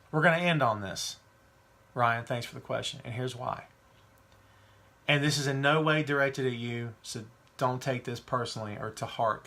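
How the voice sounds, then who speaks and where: A man's voice: mid-range voice, bright, forceful tone. A man hosting a wrestling podcast, talking casually and giving strong opinions while reading viewer questions. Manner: chatty, opinionated, reads live chat questions. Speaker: podcast host.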